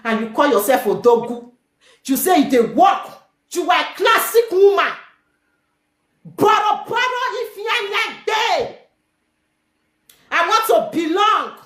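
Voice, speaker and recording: A woman speaking Nigerian Pidgin, telling her story in a heated talk stream, animated and scolding, shouting at times. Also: very high voice, a little slow, long pauses, roomy sound.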